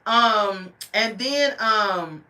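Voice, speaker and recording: A reality show reviewer offers casual commentary in a bright, lively, medium-pitched voice. She's animated, calls her viewers "y'all" and "baby," and mimics the people she discusses in quick quoted voices.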